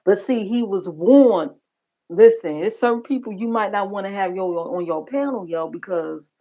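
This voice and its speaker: A woman's voice: medium pitch, animated, normal speed, mellow. A woman hosting a livestream reaction channel, talking bluntly and profanely in casual commentary. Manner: blunt, profane, gossipy, talks straight to viewers.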